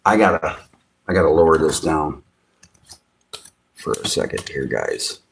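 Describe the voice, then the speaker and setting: A man hosting a casual livestream from his home beside a fish tank. He chuckles often and coos at his pet fish in sudden high bursts. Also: sing-song, a little slow, vocal fry, a little hiss or hum. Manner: chuckles often between remarks. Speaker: fishing channel host.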